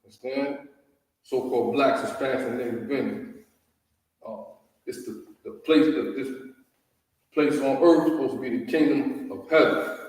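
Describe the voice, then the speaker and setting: Slow southern guy teaching a class, keeps asking you know what i mean, far off mic, big echoey room. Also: mid-range voice, steady tone, a little mellow. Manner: drawling, repeats words, asks "you know what I mean?". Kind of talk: language lesson at a whiteboard.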